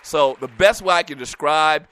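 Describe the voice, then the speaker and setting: A middle-aged man hosting a sports talk radio show, venting in an animated way and laughing often. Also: on the high side, moderate pace, a little hiss or hum.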